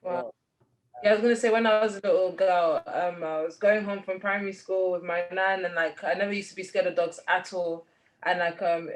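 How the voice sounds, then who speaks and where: A woman's voice: fairly low pitch, low-quality recording. Rambling woman telling a story. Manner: rambling storyteller, many fillers. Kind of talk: casual chat.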